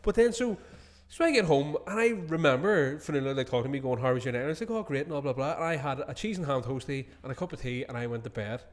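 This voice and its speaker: A man's voice: mid-range voice, animated, fast talker. A man hosting a podcast, telling drinking stories in casual chat, swearing often and laughing through them. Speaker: podcast host.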